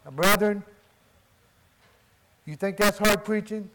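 A man's voice: high voice, slow, sharp tone, low-quality recording. A man preaching a sermon with emphasis, posing questions and answering them himself. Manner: emphatic, asks and answers his own questions.

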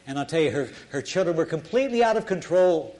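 A man's voice: on the high side, very animated, fast, darkish tone. An older man preaching a sermon in an earnest, folksy storytelling way, often restarting his sentences.

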